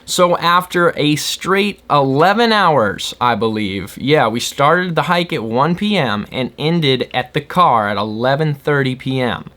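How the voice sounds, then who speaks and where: A man vlogger animatedly retelling a scary adventure in a casual, excitable way. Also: medium pitch, a little slow, few pauses. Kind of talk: casual storytelling.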